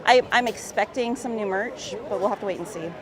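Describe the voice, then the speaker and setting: A woman's voice: medium pitch, a little fast. Woman vlogger, chatty, reads chat aloud; outdoor phone audio with crowd all around. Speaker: livestream vlogger. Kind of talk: casual live-stream chat, reading chat aloud. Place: outdoors at a theme park. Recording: busy crowd noise outdoors. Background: park crowd noise.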